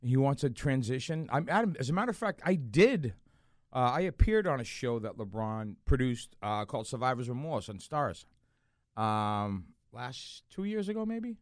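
Animated man telling stories. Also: medium pitch, moderate pace, dry recording, clean studio sound. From Boston area. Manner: animated storyteller with frequent restarts and fillers. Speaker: guest actor. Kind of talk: casual podcast interview.

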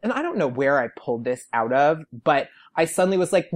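With a slightly high voice, he talks fairly quickly and barely pauses. This young podcast guest is an animated, chatty storyteller who quotes people in lively put-on voices during casual storytelling.

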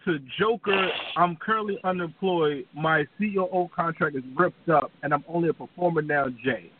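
A man's voice: fairly high pitch, moderate pace. A man trash-talking a rival in a boastful, mocking wrestling-style promo, recorded with a tinny, phone-like sound.

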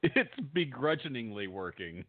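A middle-aged man co-hosting a casual chat, trading dry, deadpan jokes. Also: medium pitch, a little slow, no echo, narrow, tinny audio. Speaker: podcast co-host.

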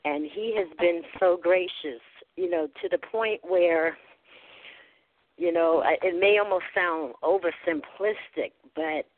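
An earnest woman calls in over a tinny phone line and talks about her faith. She speaks haltingly, fills her pauses and restarts her sentences. The sound is dry and close. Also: low voice, no room sound. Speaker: caller.

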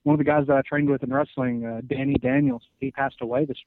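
Halting young man on a tinny line. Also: medium pitch, fairly even intonation, no room sound. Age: 20s. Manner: halting, many "uh" pauses. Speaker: podcast guest, wrestler. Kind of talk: casual interview answers. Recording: tinny phone-like sound.

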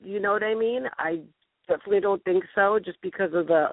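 A woman hosting a casual internet radio talk show, sniffly with a cold, from New England, talking in an animated, rambling way. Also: medium pitch, fairly quick, no room sound. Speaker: show host. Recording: tinny phone-line audio.

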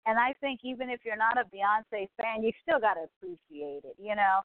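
Female host, 40s, excitable casual chatter, higher voice, phone-line quality. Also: normal speed. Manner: excitable and gushing, frequent exclamations. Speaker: podcast host. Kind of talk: casual chat. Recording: tinny phone-like line, dry.

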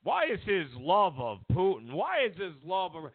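A man delivers opinionated political commentary in a sarcastic, needling way and hammers his points by repeating them. His voice sits high and swings widely, with a gravelly fry in it. The sound is dry and thin, like a phone line. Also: wildly swooping pitch, normal speed, dry recording. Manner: sarcastic, mocks media with exaggerated quotes; repeats himself for emphasis. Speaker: political talk show host.

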